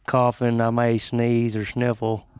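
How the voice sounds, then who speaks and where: Congested gravelly man with an Arkansas twang. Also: medium pitch, completely flat delivery, a little slow, a little mellow, no echo, studio quality. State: congested from a cold. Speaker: podcast guest. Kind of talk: casual chat. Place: makeshift podcast studio.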